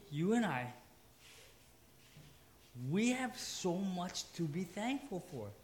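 A man preaching a sermon in church with a light tinge, joking with the congregation. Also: sits high. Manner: joking, playful asides to the congregation. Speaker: pastor.

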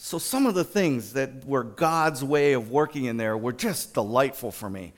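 Guy telling a story at church, animated, voice goes up and down a lot, lots of um and like. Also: mid-range voice, moderate pace. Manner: animated storyteller, many fillers and restarts. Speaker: school district staff sharing a testimony at church. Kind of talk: informal church talk.

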